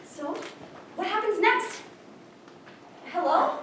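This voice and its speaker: An actress playing a bubbly, excited young woman character in a live stage play, chattering eager questions. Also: very high-pitched, takes it slowly, exaggerated voice. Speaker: stage actor. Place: theater stage. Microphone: far room mic. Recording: echoey hall from far off, noisy.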